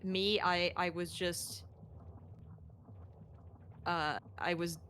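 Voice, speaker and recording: A woman's voice: fairly low pitch, steady tone, very slow, a bit bright, a little hiss or hum. A young woman who made the game, chatting casually about its design with stammering restarts. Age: young adult. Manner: hesitant, stammering restarts, laughing asides. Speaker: game developer commenting. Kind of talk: casual developer commentary.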